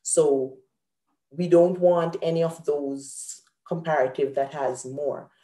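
Woman host going over grammar slowly, mellow tone, kinda low voice. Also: roomy sound. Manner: patient, explains step by step, lively on examples. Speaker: host and teacher. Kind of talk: online grammar lesson.

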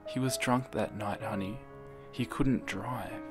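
A weary mother holding back grief in a flat, careful voice, as a man puts her on. Her voice is lifted above his usual low register, with music playing underneath. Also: slow pace. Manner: soft, strained monotone. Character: weary grieving mother, trying to stay calm.

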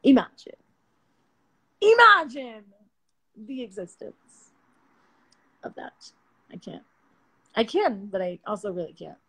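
A woman's voice: on the high side, big pitch swings, slow pace, long pauses, fairly bright tone, husky. A young woman in her twenties chats on a late-night livestream, speaking into her phone. She sounds slangy and playful and laughs easily as she riffs with her viewers. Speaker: livestream host. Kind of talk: casual livestream chat. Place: home at night.

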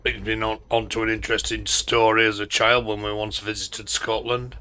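A man's voice: fairly low pitch, level tone, moderate pace, pushed and bright, clear, resonant tone. A man with a Yorkshire accent giving casual, rambling commentary while playing a driving game. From Yorkshire, England. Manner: rambling, chatty storyteller. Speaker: gaming channel host.

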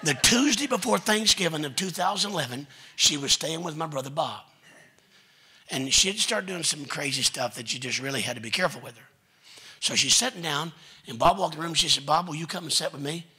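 Man, preacher, sermon, folksy storytelling, raspy, very bright. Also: a little high, lively intonation, a little fast. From Texas. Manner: folksy storytelling preacher, quotes family members. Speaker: pastor. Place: church sanctuary.

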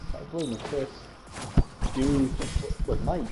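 Scottish man telling lively stories. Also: medium pitch, measured pace, noisy background. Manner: lively anecdote-telling, swears freely. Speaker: co-player on a stream. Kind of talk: casual chat while streaming a game. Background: game music.

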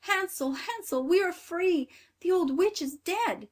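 Little storybook girl, woman reader doing her, high and earnest voice. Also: lively intonation, normal speed. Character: young girl, frightened then joyful. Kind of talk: storybook reading.

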